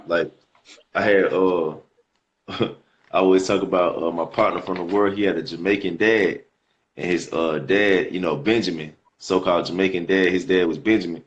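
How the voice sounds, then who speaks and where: A man's voice: sits low, fairly even intonation, normal speed, muffled recording. A man preaching casually over scripture readings in a slangy way, often repeating words as he goes.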